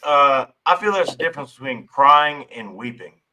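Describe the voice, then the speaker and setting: Casting: male panelist, bright and tense voice, careful, hedging delivery. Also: a little high, expressive, normal speed, poor audio. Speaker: podcast panelist. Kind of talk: casual sports chat.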